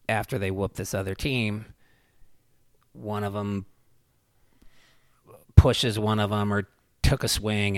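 Man, lowish voice, casual rambling storyteller with heavy fillers and cursing, dry sound. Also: dry recording. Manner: rambling, many fillers, swears freely.

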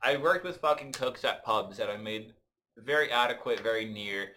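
A man's voice: medium pitch, moderate pace, sharp tone, a little hiss or hum. A man, a stand-up comedian from Canada, telling rambling, profane stories in casual podcast chat, full of restarts.

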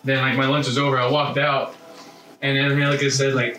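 A man in casual chat with friends, telling an animated, swear-filled story and acting out what people said. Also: mid-range voice, moderate pace, a crowd in the background. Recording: echoey room, far from mic.

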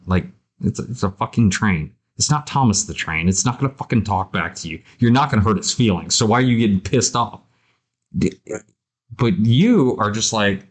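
A man hosting a podcast, telling a story in casual conversation with a lively voice and frequent swearing. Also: mid-range voice, normal speed. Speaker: podcast host.

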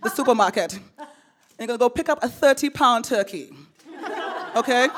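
A woman putting on her insistent mother's voice as she gives orders, a little higher than her own. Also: slight background noise. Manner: commanding, insistent. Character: bossy mother giving orders.

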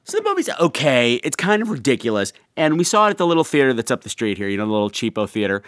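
A man hosting a podcast, telling stories in casual, animated chat with campy asides. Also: mid-range voice, rapid-fire, dry recording, clean studio sound. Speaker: podcast host.

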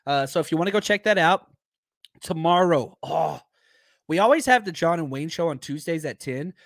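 A man hosting a podcast in loose, rambling talk, his voice hoarse and worn down. He sits close to the mic in a dry, dead room, his voice a bit higher than most men's. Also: lively intonation, normal speed, no room sound. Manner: rambling, chatty, searches aloud for names. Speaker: podcast host. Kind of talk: casual live-stream chat.

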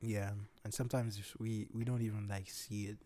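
A man's voice: on the low side, flat delivery, moderate pace, mellow, no echo. A young man from Jamaica, a podcast guest, talking casually and agreeing with his friend.

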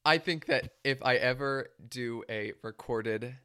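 A man's voice: mid-range voice, bright, forceful tone, clean tone, dry recording, clean studio sound. A young man hosting a podcast, asking curious questions in casual chat full of fillers. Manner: curious, quick bursts with fillers. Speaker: podcast host.

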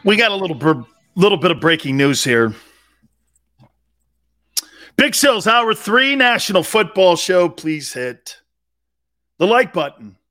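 Rambling, slightly high-voiced male sports host. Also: big pitch swings, unhurried, long pauses, sharp tone, soft background music. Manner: rambling anecdotal storytelling. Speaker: sports talk show host. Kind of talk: casual live talk show monologue.

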